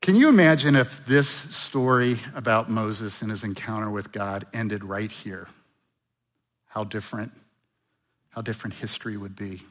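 Speaking at normal speed in a fairly low voice, a pastor delivers an animated sermon, questioning his congregation rhetorically and performing the voices of Bible characters.

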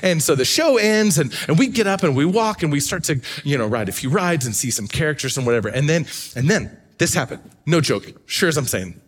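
A middle-aged man preaching a sermon as a pastor, telling a personal story with animated swings from hushed to excited. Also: on the high side, a little fast, slightly rough. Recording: long reverb of a large hall.

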